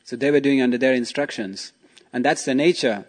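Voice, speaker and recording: A man's voice: medium pitch, brisk. Chatty man giving a spiritual talk. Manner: chatty, asks rhetorical questions, frequent 'you know' and 'okay'. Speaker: spiritual teacher. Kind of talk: casual spiritual talk with storytelling.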